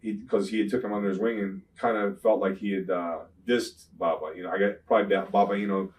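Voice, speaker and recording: A man's voice: lowish voice, fast talker, distant mic, poor audio. Rambling, profane older man wrestler. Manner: rambling, profane, frequent "you know what I'm saying"; grows loud and animated when retelling confrontations. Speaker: retired pro wrestler, interview guest. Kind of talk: shoot interview storytelling.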